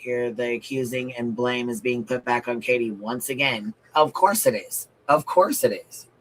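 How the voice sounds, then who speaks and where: A man's voice: medium pitch, moderate pace, a bit bright, poor audio. Blunt, profane male stream commentator. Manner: blunt, profane and emphatic, repeating phrases. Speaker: livestream commentator. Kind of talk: livestream commentary reading viewer comments.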